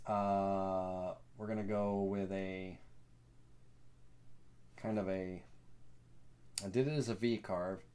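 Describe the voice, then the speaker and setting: A man with a Southern US accent hosting a live software tutorial, rambling and folksy with lots of fillers. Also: sits low, steady tone, takes it slowly, long pauses, smooth. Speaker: host.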